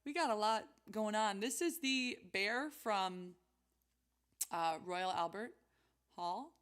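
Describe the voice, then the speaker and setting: A woman's voice: mid-range voice, animated, takes it slowly, a bit bright. A young woman hosting a weekly music stream, chatting casually and giggling as she thinks aloud between songs.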